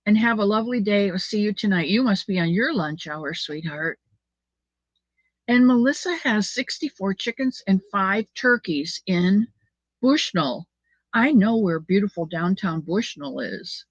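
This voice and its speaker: Chatting warmly with her viewers from home, an older livestream host reads their comments out loud in a mid-range voice. She speaks unhurriedly with lively intonation, over dull, dry, lo-fi audio.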